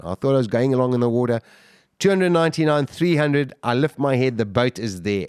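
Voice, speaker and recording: A man being interviewed, retelling a dramatic story with great intensity and acting out shouts and quoted lines. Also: clear, resonant tone, no room sound, clean studio sound. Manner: vivid, acts out shouts and quotes, voice jumps high when excited. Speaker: guest.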